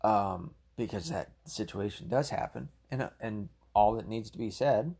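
A man's voice: on the low side, lively intonation, moderate pace, vocal fry, dark tone, husky. A man giving a heated, rambling solo commentary, full of swearing. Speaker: political commentator.

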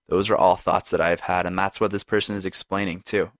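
A man with a low voice hosts a solo podcast, speaking earnestly and conversationally right to the listener and often dropping in "right?" and "like." His delivery is flat and a little fast, with hardly any pauses. The reflective talk is recorded in clean studio quality with no room sound.

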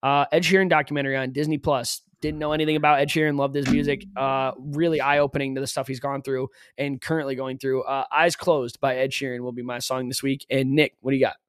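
A man's voice: mid-range voice, little pitch movement, a little fast, hardly any pauses, a bit bright, clean tone, no echo, clean studio sound. A male podcast co-host in casual chat, rambling and joking with lots of fillers.

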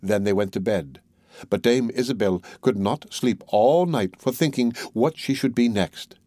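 A man narrating a classic fairy tale as an audiobook in a measured, clear reading. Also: lowish voice, mellow, dry recording, clean studio sound. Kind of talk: scripted storybook narration.

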